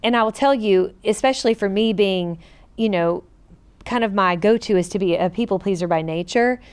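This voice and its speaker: Co-host, middle-aged woman: earnest, animated storyteller with a smooth, clear voice. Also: mid-range voice, moderate pace. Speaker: podcast co-host. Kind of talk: personal storytelling in a casual chat.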